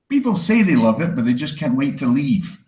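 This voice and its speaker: A Scottish man with a slight Canadian tinge doing a crude, self-mocking stand-up set in a deadpan way. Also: reverberant, rough recording. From Scotland. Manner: deadpan, crude, self-mocking, breaks into high mocking voices for quoted people. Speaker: stand-up comedian.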